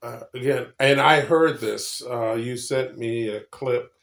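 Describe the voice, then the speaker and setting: Gravelly-voiced man talking politics bluntly. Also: medium pitch, slow pace, a bit bright. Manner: blunt, prodding, repeats himself. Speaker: podcast host. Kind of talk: casual political chat. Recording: echoey room.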